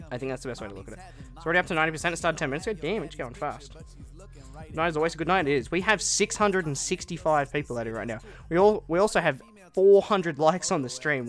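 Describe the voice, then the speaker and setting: A man's voice: on the high side, pushed and bright. An eighteen-year-old Australian man chatting casually on a gaming live stream, answering viewer comments in a laid-back way.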